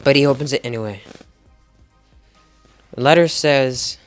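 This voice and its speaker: A man's voice: mid-range voice, a little slow, pauses often, faint music behind. A young man improvising a fan story video, rambling with restarts and laughing at himself.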